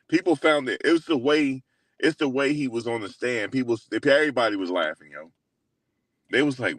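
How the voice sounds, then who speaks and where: A young man hosting his own channel, retelling a story in a loose, slangy way full of fillers, animated and incredulous as he quotes others. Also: medium pitch, normal speed, no room sound. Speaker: host. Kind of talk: casual storytelling recap.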